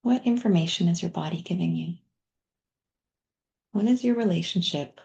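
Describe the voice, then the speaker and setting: A middle-aged woman coach leading a guided body practice in a workshop, speaking gently with soft, near-whispered asides. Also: on the low side, moderate pace, vocal fry, long pauses.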